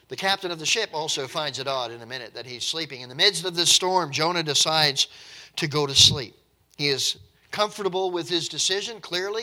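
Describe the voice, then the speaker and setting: A man's voice: fairly high pitch, bright, forceful tone. A man preaching a conversational, emphatic sermon, often repeating his words as he explains.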